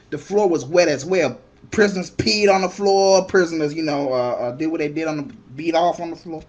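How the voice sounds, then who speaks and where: A young man telling a comic story in an excitable way, shouting the punchlines and acting out the other people in it. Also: fairly high pitch.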